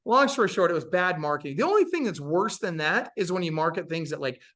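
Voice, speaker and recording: A man as a podcast guest, telling stories in an emphatic, sarcastic, animated way. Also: a little high, fast. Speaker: podcast guest, real estate coach. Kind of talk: casual storytelling interview.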